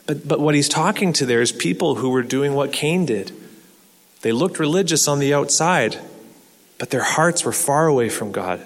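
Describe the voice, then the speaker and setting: A man's voice: on the high side, expressive, moderate pace. A man preaching a sermon in an earnest way, asking rhetorical questions and repeating words as he restarts. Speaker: pastor. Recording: long hall reverb.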